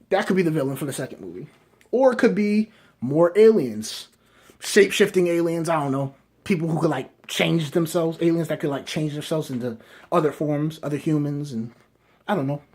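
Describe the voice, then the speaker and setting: A man reviewing movies, rambling through casual fan speculation and often checking in with his listeners. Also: on the high side. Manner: rambling, keeps asking "right?" and hedging.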